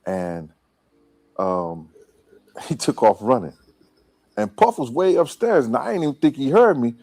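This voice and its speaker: A man's voice: mid-range voice, big pitch swings, measured pace, a little mellow, no room sound. Man telling a story, dry close sound. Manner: casual storytelling with slang. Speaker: interview guest. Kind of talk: recounting a personal story. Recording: played-back interview clip.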